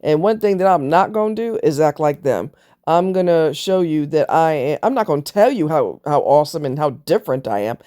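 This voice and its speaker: A woman speaking as a decent, devoted man who earnestly promises to stay steady. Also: low-pitched, a little fast, pitched below the performer's own voice.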